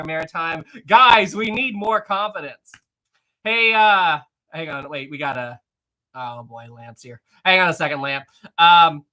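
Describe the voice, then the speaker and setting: A live stream host chatting casually with viewers and reading out chat messages, excitable and rambling, with frequent laughter. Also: medium pitch.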